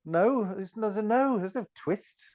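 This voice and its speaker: A man's voice: high voice, lively intonation, unhurried, darkish tone, lo-fi sound. A man co-hosting a podcast, teasing and doubting his partner in dry, casual banter. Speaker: podcast co-host.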